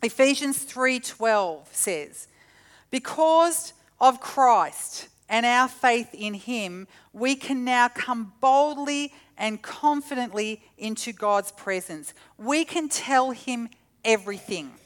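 A middle-aged woman preaching a sermon, telling stories with animated, acted-out quotes. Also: on the high side, slow pace. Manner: animated storytelling, acts out quotes.

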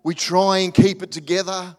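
Man, preacher, sermon, animated, soft hushed moments, fairly high voice, long church reverb. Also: moderate pace. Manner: animated, acts out quoted voices, drops to soft near-whispers. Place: church hall. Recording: reverberant hall.

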